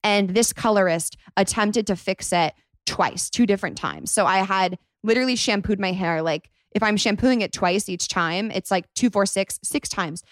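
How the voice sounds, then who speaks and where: A woman's voice: mid-range voice, normal speed, few pauses, dry recording. Young woman, twenties, podcast host, chatty storyteller, dry close mic. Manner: rambling, animated retelling full of "like". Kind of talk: casual storytime monologue.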